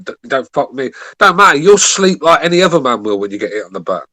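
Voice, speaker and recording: A man's voice: mid-range voice, expressive, quick pace, hardly any pauses, sharp tone. Blunt, swearing English man. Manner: blunt, profane banter. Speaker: podcast co-host. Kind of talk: casual podcast chat.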